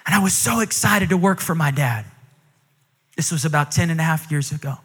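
Man in his 30s, guest preacher, high bright tone, animated storyteller; long church-hall reverb. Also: brisk, breathy edge. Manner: animated, acts out quoted dialogue, pitch climbs with emotion. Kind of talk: storytelling sermon.

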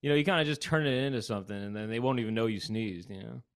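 A man's voice: fairly low pitch, rapid-fire, clean tone, dry recording, clean studio sound. A man co-hosting a comedy podcast, rambling through casual chat and breaking into silly sneeze bits. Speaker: podcast co-host.

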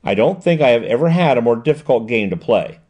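A man reading the lines of a sharp, composed woman detective in an audiobook, explaining in a precise, measured way. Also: medium pitch, animated, lightly acted.

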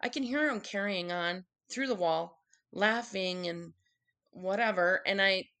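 A woman's voice: medium pitch, measured pace, sharp tone. A woman candidly telling an emotional personal story in conversation, acting out the quotes of what people said. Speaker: guest telling her story.

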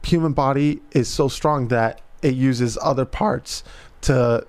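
A man and father co-hosting a podcast, telling an animated anecdote full of slang and swearing. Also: mid-range voice, takes it slowly. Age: adult parent. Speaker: podcast co-host. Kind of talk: casual storytelling chat.

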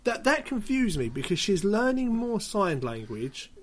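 Man, podcast co-host, high and bouncy voice, joking asides. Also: big pitch swings, a little slow, crowd noise. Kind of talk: casual chat reviewing a TV episode.

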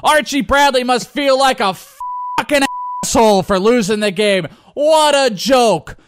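A man's voice: very high voice, animated, measured pace, a little hiss or hum, voice pushed up. A man doing an impression of an over-the-top sports announcer calling a baseball game, swearing and outraged. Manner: shouting, crude, exaggerated outrage.

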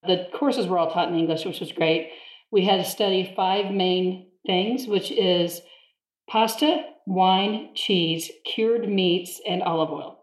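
A woman's voice: on the low side, takes it slowly. Chatty woman telling a story, roomy sound. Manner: animated, laughs often, mimics others in quotes. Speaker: guest. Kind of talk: casual storytelling in conversation. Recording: roomy echo.

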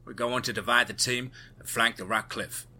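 A man's voice: mid-range voice, steady tone, moderate pace, sharp tone, slight background noise. A man doing a firm male squad leader. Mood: commanding. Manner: firm orders. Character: commanding male team leader, steady and decisive.

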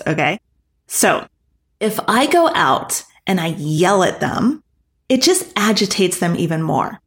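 A woman coaching artists in a motivational talk, speaking directly and animatedly, often checking in with the listener. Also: on the low side. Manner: direct, animated, coaxing, with frequent "okay?" and "listen".

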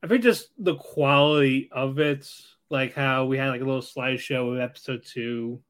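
A man's voice: mid-range voice, moderate pace, smooth. A man co-hosting a casual podcast, talking hesitantly and repeating words as he searches for them. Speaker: podcast co-host. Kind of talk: casual anime review chat.

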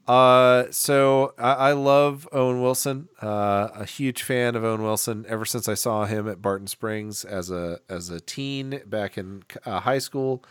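A man's voice: on the low side, a little slow, hardly any pauses, smooth, no echo, studio quality. A man co-hosting a casual movie podcast, joking around and acting out characters in mock voices. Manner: jokey, acts out quoted characters in mock voices. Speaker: podcast co-host. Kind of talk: casual movie review chat.

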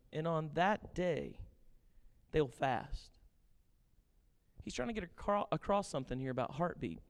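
A man preaching a sermon, animated, switching between quiet asides and loud acted-out quotes. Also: high voice, big-room sound. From grew up on a farm. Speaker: pastor.

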